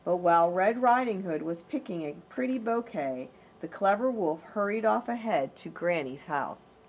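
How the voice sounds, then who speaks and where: A woman who teaches preschoolers, reading a storybook aloud and teaching a lesson in a slow, gentle, expressive way. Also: on the low side, a little hiss or hum.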